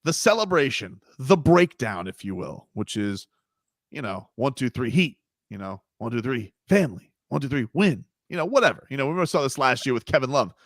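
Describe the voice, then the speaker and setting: Animated sports radio host man. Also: medium pitch, moderate pace, no room sound, clean studio sound. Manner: animated, emphatic, jumps between loud and quiet. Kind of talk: sports talk radio chat.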